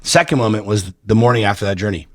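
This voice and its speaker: A man's voice: on the low side, quick pace, dry recording, clean studio sound. A man guest on a podcast telling personal stories bluntly, with lots of swearing and repeated words. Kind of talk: candid personal storytelling.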